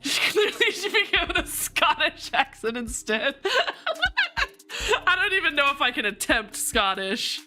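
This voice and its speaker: A young woman streaming a story game, giggling constantly, swearing freely and mocking her own voice work. Her voice is high and bright, and her pace unhurried, with faint music playing underneath. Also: very animated. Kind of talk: casual game stream commentary.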